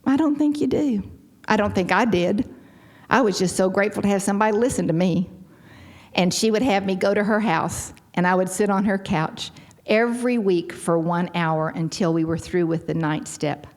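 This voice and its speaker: A woman's voice: mid-range voice, normal speed, a little mellow. A middle-aged woman with a Texan accent telling a heartfelt personal story to a recovery meeting audience. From Texas. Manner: heartfelt, folksy, earnest.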